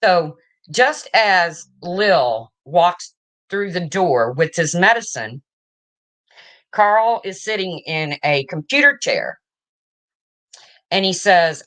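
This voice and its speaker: A woman with a low, bright, forceful voice tells a personal story to her viewers. She talks frankly and emotionally, swears without a second thought and keeps checking in with her audience. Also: lively intonation, slow, long pauses. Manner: frank, emotional, swears casually, asks okay?. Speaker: vlogger. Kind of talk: casual storytelling to camera.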